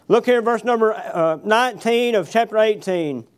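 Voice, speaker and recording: High-voiced man preaching a sermon. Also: moderate pace. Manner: asks the congregation rhetorical questions; reads verses aloud, then paraphrases with fillers. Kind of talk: sermon reading and expounding scripture. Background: congregation answering amen.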